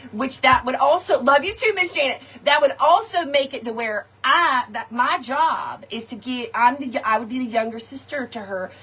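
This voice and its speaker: A middle-aged woman, hosting a live crafting chat, animated and laughing often as she tells stories to her viewers. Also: on the high side, slight background noise. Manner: animated, laughing often, folksy slang, talks to viewers directly. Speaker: craft shop host.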